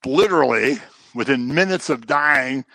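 A middle-aged man preaching a sermon, lively and dramatic, slipping into the voices of the people he describes. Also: mid-range voice, normal speed, no room sound. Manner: animated, acts out voices of people he quotes. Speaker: pastor.

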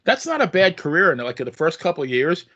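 A man's voice: fairly high pitch, big pitch swings, quick pace, a bit bright. Male interviewer with a slightly dull sound. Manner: repeats words, restarts sentences. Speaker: podcast host. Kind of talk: casual interview chat.

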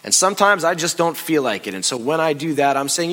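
A man giving a conversational, confessional sermon as a pastor, dropping to a hush and rising loud while telling a story. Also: a little high, expressive, fairly quick, hardly any pauses, rough recording.

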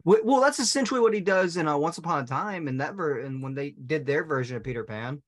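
A man's voice: on the high side, lively intonation, fast. A man in casual chat who speaks bluntly, swears freely and reacts with disbelief.

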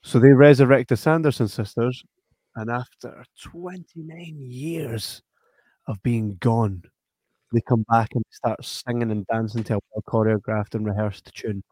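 A man's voice: medium pitch, a little slow, dry recording. Sweary man ranting about films. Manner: blunt, sweary, animated when ranting. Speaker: podcast co-host. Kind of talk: casual film review chat.

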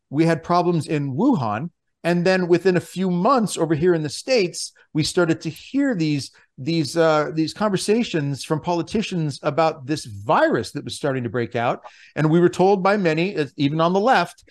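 An earnest male podcast host with a slightly high voice. He talks eagerly and often restarts his phrases. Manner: enthusiastic and earnest, with many restarts. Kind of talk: casual podcast hosting.

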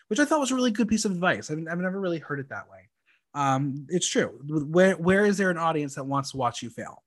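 A chatty young man with a fairly high voice hosts a casual podcast. He recaps episodes in a campy, playful way and drops in plenty of ums along the way. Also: expressive, a little fast, a bit bright. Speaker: podcast host recapping a reality show. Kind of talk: casual chat.

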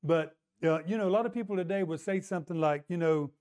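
High-voiced male preacher. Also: fast, hardly any pauses, a little mellow. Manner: conversational, calls for audience response. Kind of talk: sermon.

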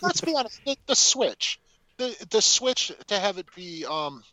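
A man's voice: high-pitched, very animated, measured pace, a crowd in the background. A man co-hosting a casual film podcast, talking animatedly and swearing freely. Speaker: podcast co-host.

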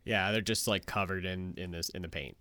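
A man co-hosting a casual podcast, loose and animated, swearing freely and full of fillers while he tells a true story. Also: deep voice, a little fast, dry recording, studio quality. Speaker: podcast co-host.

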